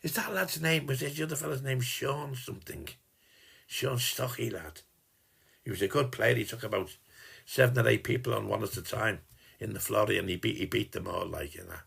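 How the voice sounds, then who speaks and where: A Liverpool man with a low, deeply gravelly voice rambles through a personal message to one listener. His husky tone wanders from story to story. He teases gently and drops in mild swears along the way. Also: brisk. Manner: teasing, meandering, peppered with mild swearing. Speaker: sender of a personal video message.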